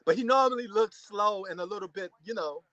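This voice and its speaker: A man giving a casual, excitable reaction commentary to a boxing match, repeating himself and using slang. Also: high-pitched, brisk, no room sound, lo-fi sound. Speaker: fight reaction host.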